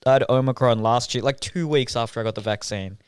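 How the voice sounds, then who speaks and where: A young man, chatting on a podcast in a relaxed, drawling way, swearing and laughing at his own jokes. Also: medium pitch, fast talker, clear, resonant tone, dry recording. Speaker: podcast co-host, comedian. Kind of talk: casual podcast banter.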